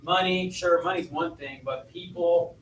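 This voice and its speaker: A man's voice: high voice, steady tone, measured pace, slight background noise. A man teaching a history class in a chatty lecture style, asking his students questions as he goes. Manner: conversational, asks students questions. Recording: echoey classroom, voice from far off.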